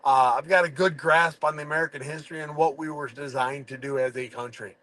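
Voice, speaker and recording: A man's voice: fairly high pitch, fairly even intonation, a little fast, sharp tone, poor audio. A man talking in a casual podcast chat, often restarting and stammering as he thinks aloud. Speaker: guest, fighter.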